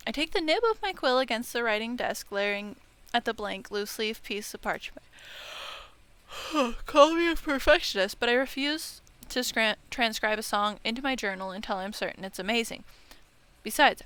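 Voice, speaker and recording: A woman's voice: on the high side, fairly bright tone, clear, resonant tone. A woman playing a visual novel, reading the narration aloud with casual remarks, stumbling and correcting herself. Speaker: let's-play streamer. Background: game music.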